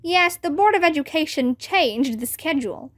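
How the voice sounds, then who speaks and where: A woman's voice: sits high, animated, normal speed. A woman reading aloud voices a strict male ghost teacher who explains rules.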